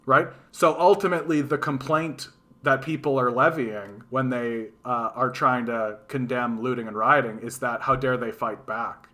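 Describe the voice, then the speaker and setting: Profane, bright-voiced ranting man. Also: mid-range voice, moderate pace. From Canada. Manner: profane, animated, mocking quoted voices. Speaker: livestream host. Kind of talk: casual ranting monologue.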